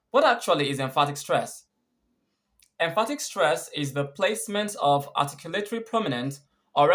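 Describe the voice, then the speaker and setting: A male English coach with a Nigerian accent explains stress patterns step by step. His voice sits a little high, and he asks the listener questions and then answers them himself. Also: a bit bright. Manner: clear, deliberate explanations with repeated quiz questions. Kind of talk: scripted lesson.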